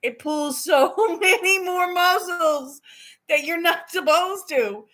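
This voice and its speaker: A livestreaming vlogger chats with her viewers and tells a funny story, giggling and swearing a lot in animated, casual fashion. Her voice is very high and her pace slow.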